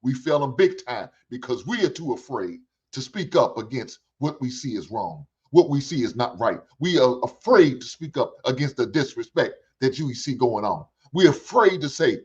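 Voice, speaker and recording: This is ranting commentary from an older man hosting a reaction show, cursing freely and hammering points home with repeated, preachy phrases. His husky, darkish voice sits at medium pitch with big pitch swings, keeping a moderate pace with hardly any pauses. The audio is dull and lo-fi.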